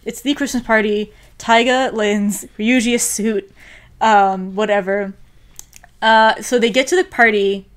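A young woman co-hosting a casual podcast, retelling an anime episode in an animated way and saying "like" a lot. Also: mid-range voice, unhurried. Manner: animated storyteller, heavy use of "like", acts out quotes. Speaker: podcast co-host.

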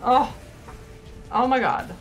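A woman's voice: fairly high pitch, slow pace. A woman commenting live on her gameplay, reacting with frequent exclamations and mild swearing. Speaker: game streamer.

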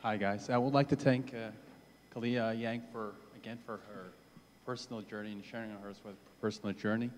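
A man's voice: lowish voice, steady tone, normal speed, long reverb tail, a little hiss or hum. Hesitant man announcing a break. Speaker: event organizer.

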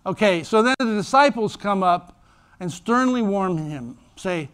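A man's voice: sits high, measured pace, smooth. A man preaching a sermon in church as pastor, telling stories animatedly and acting out voices. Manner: animated storytelling, acts out voices.

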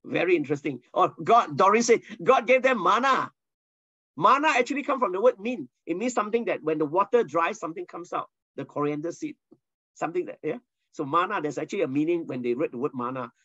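Animated man preaching a sermon. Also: a little high, fast talker, no room sound, dull audio. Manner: animated storyteller, asks the listeners questions. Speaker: pastor teaching a Bible lesson. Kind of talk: sermon teaching.

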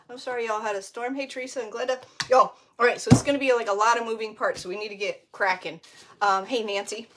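A woman's voice: a little high, brisk. A chatty woman in her fifties hosts a live crafting stream, breaking off mid-sentence to greet viewers by name. She laughs at herself often and keeps a loose, rambling, friendly flow. A faint hiss sits under her voice. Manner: self-deprecating, laughs often. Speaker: crafting livestream host. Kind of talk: casual live craft tutorial chat.

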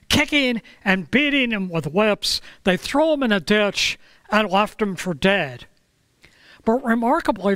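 A man preaching a sermon, telling a story in a slow, measured way with dramatic pauses. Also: high voice, fairly bright tone, clean tone, dry recording. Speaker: pastor.

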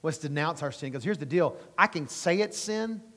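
Pastor guy preaching, kinda high voice, lots of hall reverb. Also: lively intonation, brisk, fairly bright tone. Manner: emphatic, rising preaching with acted-out quotes. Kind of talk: sermon.

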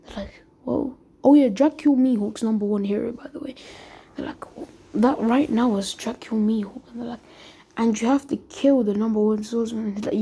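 A woman's voice: fairly high pitch, steady tone, fairly quick, warm tone, husky. A woman casually retelling an invented fan story, rambling from one quoted line to the next and often dropping into a whisper.

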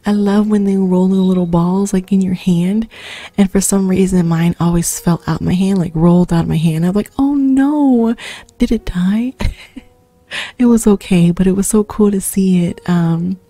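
A woman's voice: lowish voice, steady tone, moderate pace, warm tone, dry recording. A woman hosting her own channel, chatting casually and giggling while she plays a video game. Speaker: gaming channel host.

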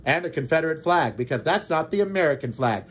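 Ranting man with a higher voice. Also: expressive, fast talker. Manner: ranting, sarcastic, indignant. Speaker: podcast host. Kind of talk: political monologue.

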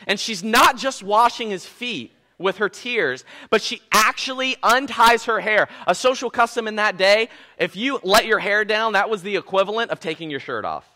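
A man preaching a sermon in a church auditorium, animated and conversational, joking with the congregation. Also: high voice, moderate pace, hardly any pauses. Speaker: pastor.

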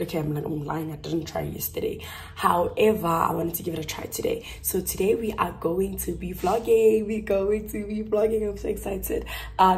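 A young woman from South Africa chatting casually to her phone camera at home while getting ready, her voice hoarse and half gone, rambling and correcting herself with little laughs. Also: fairly low pitch. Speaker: YouTuber vlogging. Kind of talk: casual vlog chat to camera. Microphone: phone on a tripod.

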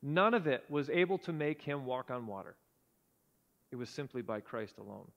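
A man preaching a sermon in earnest tones, often dropping to a hushed low voice for emphasis. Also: expressive, normal speed, vocal fry, in a large hall, dull audio. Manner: earnest, drops to a hushed low voice at key points. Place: church sanctuary.

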